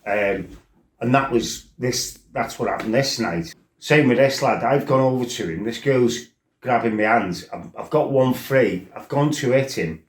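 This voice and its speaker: A man's voice: mid-range voice, measured pace, reverberant. A man with a blunt, sweary, rambling way of telling stories in a casual chat. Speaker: storyteller. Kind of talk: casual storytelling.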